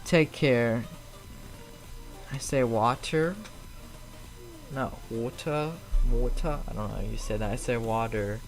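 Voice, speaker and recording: A man's voice: mid-range voice, moderate pace, creaky, long pauses, faint music behind, low-quality recording. Chatty Chicago-accented man streaming. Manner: chatty, a bit defensive, rambling with fillers. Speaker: flight-sim live streamer. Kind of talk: casual live-stream chat, answering viewers. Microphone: streaming mic.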